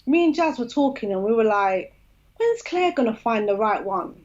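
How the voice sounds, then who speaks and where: A woman's voice: on the high side, normal speed, lo-fi sound. A woman, a podcast guest telling a story in casual chat and acting out the quoted dialogue. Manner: lively, acts out quoted dialogue.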